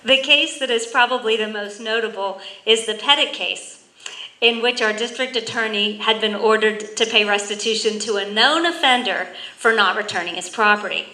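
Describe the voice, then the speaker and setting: A woman, a county official, giving a prepared tribute speech in a measured, formal way, reading from notes. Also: on the high side, pushed and bright, reverberant, poor audio.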